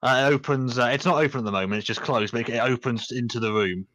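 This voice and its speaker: A man's voice: mid-range voice, fast talker, a bit bright. A man acting as game master, narrating a tabletop game in a loose, rambling way.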